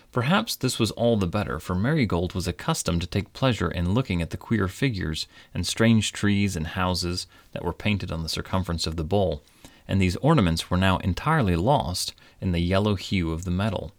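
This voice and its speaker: A man reading a storybook aloud in a measured, old-fashioned, gently wry manner. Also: sits low, dry recording. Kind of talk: storybook narration.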